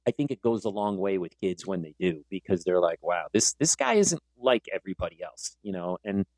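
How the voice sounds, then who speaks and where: A man's voice: deep voice, fairly quick, no echo. A man hosting a podcast and working as a teacher, telling stories in a casual way and acting out the dialogue. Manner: animated, acts out quoted dialogue. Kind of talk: casual conversational storytelling.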